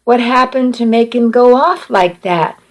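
A man's voice: very high-pitched, takes it slowly, fairly bright tone, heavily acted. A woman reading the lines of an anxious husband and father whose voice shakes. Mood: worried. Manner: strained, shaky.

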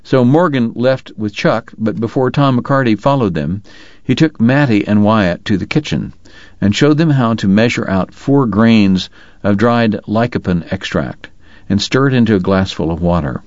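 Low-voiced male audiobook narrator. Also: normal speed, darkish tone, no echo, highs cut off. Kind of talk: scripted narration.

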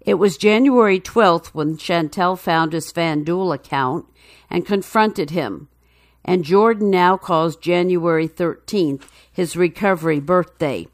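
A woman reading a news feature story in a measured, even narration. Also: lowish voice, dry recording, clean studio sound.

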